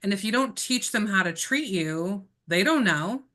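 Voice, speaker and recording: Bright-voiced woman coaching agents. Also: medium pitch, lively intonation, moderate pace. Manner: direct, emphatic, talks straight to listeners. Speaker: real estate trainer. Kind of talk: coaching session. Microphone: video call.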